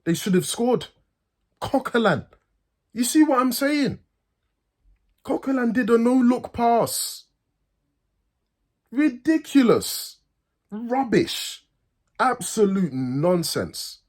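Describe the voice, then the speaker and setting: Man, angry football rant, swearing, repetitive, husky, animated pitch. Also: takes it slowly, long pauses. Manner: furious, swearing, repeats himself; pitch swings from loud highs to low mutters. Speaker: football fan channel host.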